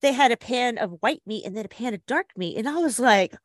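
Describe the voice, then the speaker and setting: A woman co-hosting a podcast, chatting casually, giggly and excitable, jumping up high when she quotes herself. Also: fairly quick, no echo, studio quality. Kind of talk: casual chat.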